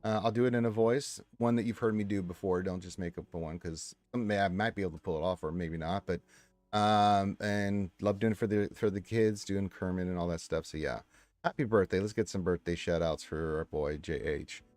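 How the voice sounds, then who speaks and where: A man hosts a casual livestream and reads viewers' chat messages aloud, his pitch and loudness swinging in a lively way. He speaks a little fast, and there's no echo.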